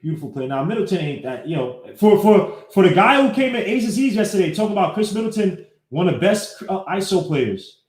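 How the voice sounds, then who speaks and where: A man hosting a casual live-streamed sports podcast, breaking down game clips and greeting viewers by name in an animated way. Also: high voice, a little fast. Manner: talks while fumbling with his computer. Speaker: podcast host. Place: home setup, live streaming. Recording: echoey room.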